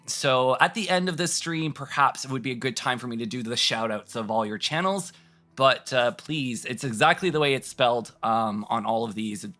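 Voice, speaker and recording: A male game master narrates a fantasy scene at a slow pace. His voice is bright, and he pauses often with fillers. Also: mid-range voice. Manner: hesitant, many ums and restarts.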